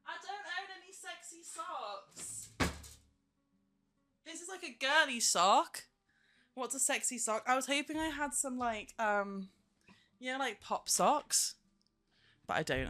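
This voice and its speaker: A woman's voice: a little high, no room sound. Young girl streaming, slight lisp, giggly and hyper, dry mic, faint music. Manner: giggly, fast and excitable. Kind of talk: casual live-stream chat.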